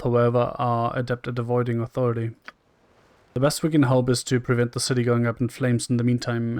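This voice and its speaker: Streamer, man, mid pitch, wry chatty reads, dry close mic. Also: no echo. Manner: wry and chatty, reads lines flatly and jokes. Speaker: streamer playing a role-playing game. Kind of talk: casual gameplay commentary, reading dialogue aloud.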